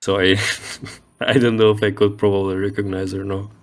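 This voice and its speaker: A man talking as a guest on a casual interview podcast, halting and searching for words with lots of fillers. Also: fairly low pitch, little pitch movement. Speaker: podcast guest, digital painter.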